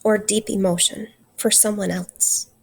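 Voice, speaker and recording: Earnest gravelly-voiced woman teacher. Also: medium pitch, steady tone. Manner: earnest, slows down for emphasis. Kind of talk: recorded literature lesson.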